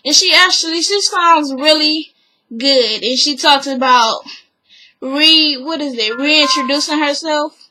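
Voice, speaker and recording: A woman's voice: high-pitched, measured pace, noisy background. A woman vlogger giving a chatty, opinionated, gossipy recap of a TV show, full of fillers.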